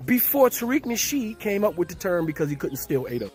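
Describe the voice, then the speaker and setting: A man with a high voice delivers a lecturing, accusatory argument. His pitch rises and falls with lively emphasis as he presses his point. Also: fairly quick, soft background music. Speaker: commentator in a played clip. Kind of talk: argumentative commentary.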